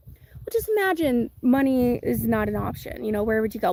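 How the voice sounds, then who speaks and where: A woman's voice: on the high side, lively intonation, fast talker, a little mellow. A woman hosting a casual live chat outdoors, reading viewer comments, chatty and giggly with a self-deprecating humor. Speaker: livestream host.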